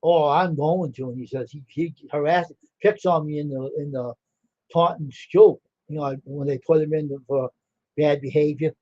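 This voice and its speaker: A man's voice: a little high, fairly even intonation, normal speed, no echo, lo-fi sound. An older man hosting a livestream, telling rambling stories in casual chat and acting out the dialogue. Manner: rambling, laughing, acts out quoted dialogue. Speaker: livestream host.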